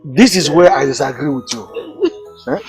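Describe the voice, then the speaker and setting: A man's voice: fairly high pitch, big pitch swings, moderate pace, creaky, soft background music. A proud drawling father. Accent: Nigerian. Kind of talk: film acting.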